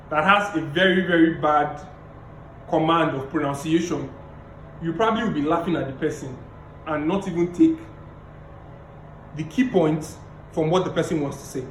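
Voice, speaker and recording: A man giving a public speaking lecture over a video call, emphatic and repeating key phrases, deliberately playing his tone up and down. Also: fairly high pitch, a bit bright, reverberant, slight background noise, poor audio. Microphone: video call mic.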